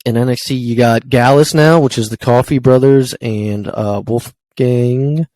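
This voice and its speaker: A man's voice: medium pitch, steady tone, unhurried, warm tone, dry recording, poor audio. A man co-hosting a casual wrestling podcast, running through news with lots of ums and uhs. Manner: rambling with frequent ums and uhs. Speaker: podcast co-host.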